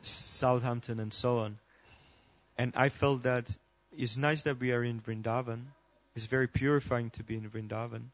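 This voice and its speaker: A man's voice: medium pitch, moderate pace, no room sound. A man in the audience asking a long question at a temple class, listing points one after another. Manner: listing points in a steady, even tone. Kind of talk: question from the floor.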